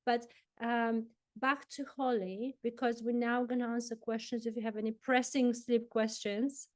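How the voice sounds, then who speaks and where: A woman sleep coach talking an audience through relaxation exercises in a gentle, instructive way. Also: a little high, level tone, normal speed, dry recording. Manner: gentle, instructive, hesitant restarts. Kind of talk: guided relaxation talk.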